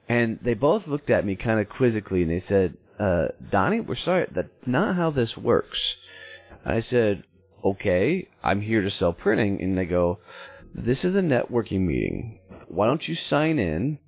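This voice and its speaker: A man in his thirties, a show host telling a personal story in an animated way, acting out the people in it. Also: lowish voice, normal speed, faint music behind. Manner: animated, acts out quoted voices in his story. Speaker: podcast host. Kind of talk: storytelling monologue. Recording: tinny phone-like audio.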